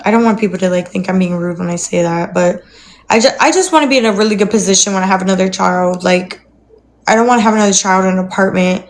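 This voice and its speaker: A woman's voice: mid-range voice, quick pace. A young woman chatting casually on a phone livestream from her apartment, rambling, with cooing baby-talk to her dog.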